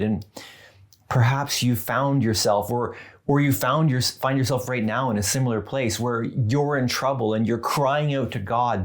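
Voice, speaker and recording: A man preaching a sermon as pastor, talking in an earnest, conversational way with gently humorous asides. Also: fairly low pitch.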